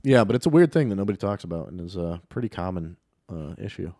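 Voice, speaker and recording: Male podcast co-host, low register, deadpan crude banter, dry close mic. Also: quick pace, dry recording. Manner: vulgar, deadpan insults. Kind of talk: crude casual podcast chat.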